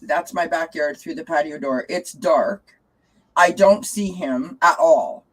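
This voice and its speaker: A woman's voice: low-pitched, measured pace, slightly rough, poor audio. A chatty woman hosting a live tarot reading stream, greeting viewers, laughing often and cooing to her cat. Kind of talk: casual live-stream chat.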